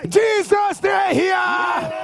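A high, gravelly male voice preaches in slow, drawn-out shouts. He leads the congregation through fervent call-and-response lines. Loud music and a cheering crowd fill the background. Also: very noisy. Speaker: pastor leading a church service.

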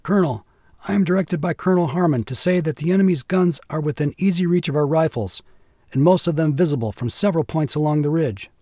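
A man's voice: on the high side, quick pace, dark tone, no echo, studio quality, pitched above the performer's own voice, natural voice. A man voicing a nervous young army officer who gasps and stammers his report. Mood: urgent. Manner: gasping, stammering.

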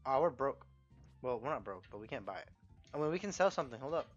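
Excitable, swearing young gamer man. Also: mid-range voice, quick pace. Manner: excitable, profane, reacting loudly to the game. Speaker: gameplay commentator. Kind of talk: let's play commentary. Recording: slightly muffled, game music behind.

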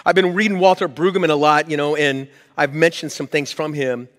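Pastor guy preaching casual but punchy, higher voice, long church echo. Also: steady tone, fairly quick. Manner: conversational preaching, emphatic rises. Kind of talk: sermon. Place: church hall.

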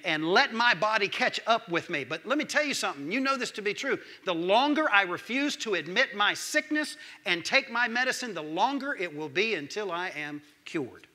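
Bright high-voiced preacher man. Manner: dynamic preaching, swinging from loud calls to hushed lines. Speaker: pastor. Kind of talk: sermon.

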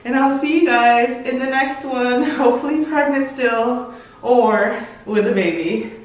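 A woman's voice: fairly high pitch, measured pace, distant mic. A young pregnant woman, days from giving birth, talking to her viewers in a gushing, emotional vlog with lots of fillers. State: heavily pregnant, days from labor. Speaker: vlogger. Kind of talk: casual vlog talk to viewers. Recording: roomy echo, mic set back.

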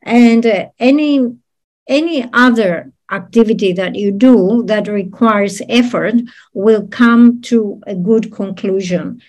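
A woman giving a Buddhist teaching, explaining a text in a measured way with frequent ums and uhs. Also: medium pitch, darkish tone. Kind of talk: dharma teaching talk.

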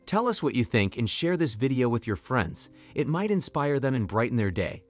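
A man narrating a scripted story, reading every character's lines in a mostly even voice. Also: medium pitch, moderate pace. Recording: soft background music.

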